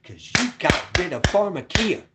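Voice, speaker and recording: A man vlogging a rambling, repetitive rant at home, cursing and swinging from loud hollering to low mutters. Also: sing-song, normal speed, noisy background.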